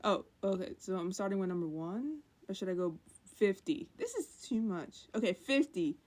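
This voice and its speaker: A woman's voice: mid-range voice, expressive, moderate pace, darkish tone. A woman co-hosting a podcast in casual chat, blunt and sarcastic. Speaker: podcast co-host.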